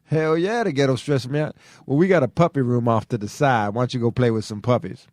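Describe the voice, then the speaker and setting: A man's voice: mid-range voice, fast, darkish tone, no echo, studio quality. A man co-hosting a comedy podcast, riffing in streetwise slang and saying "man" constantly. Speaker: podcast co-host.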